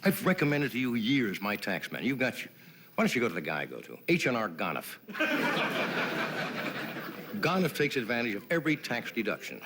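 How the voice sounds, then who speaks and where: In a very noisy TV studio with a live audience, a man hosting a late-night show runs through a comedic monologue of wry jokes and chatty remarks to his sidekick. His medium-pitched voice swoops wildly, and he speaks briskly with frequent pauses.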